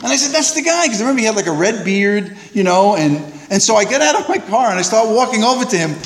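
A man sharing at a recovery meeting, telling a self-mocking, animated story that rises loud and high at the funny parts. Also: fast, long reverb tail. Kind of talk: storytelling share.

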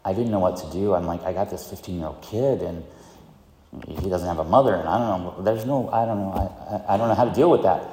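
A man's voice: fairly low pitch, darkish tone, echoey room, big-room sound, slight background noise. A middle-aged man giving a candid, self-mocking personal testimony at a recovery meeting, chuckling often as he talks. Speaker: speaker sharing at a recovery meeting.

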